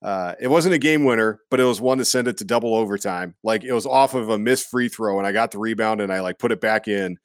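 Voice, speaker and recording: A man's voice: fast, hardly any pauses, no echo. Rambling man in casual sports chat. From Iowa. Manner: rambling, lots of fillers, jumps into high goofy voices for quotes.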